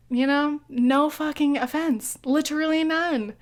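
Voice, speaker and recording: A woman's voice: high voice, normal speed. A young woman hosting a solo podcast, rambling casually with lots of fillers, cursing freely and laughing as she talks, hiccuping now and then. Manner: chatty, profane, laughs often, filler-heavy. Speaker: podcast host.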